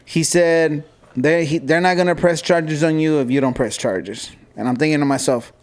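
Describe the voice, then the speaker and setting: A man's voice: fairly high pitch, moderate pace. A man in his forties from Southern California, telling a story in a casual podcast chat, acting out voices and slipping into Spanish. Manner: animated storyteller, acts out voices and slips into Spanish.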